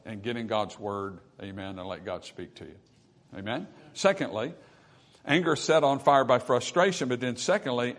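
Earnest man preaching a sermon. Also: medium pitch. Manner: earnest, conversational preaching with rising emphatic bursts and calls of "Amen?"; reads scripture aloud and asks the congregation to finish verses. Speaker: pastor.

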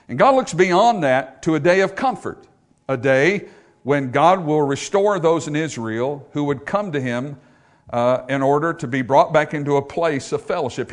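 A man preaching a sermon, swinging between loud emphatic bursts and quiet, conversational asides. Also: on the high side. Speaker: pastor.

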